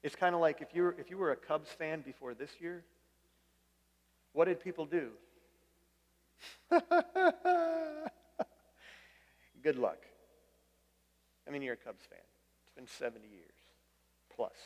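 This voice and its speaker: A man's voice: fairly high pitch, brisk, pauses often, big-room sound. A man preaching a conversational sermon as pastor, often restarting his phrases and putting questions to the congregation. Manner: conversational, repeats words when restarting, asks the room questions.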